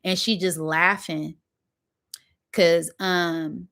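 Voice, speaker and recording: An animated woman vlogger tells a story in loose, slangy, casual speech. She throws in little spoken sound effects as she goes. Her voice sits a bit low for a woman. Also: very slow, clear, resonant tone.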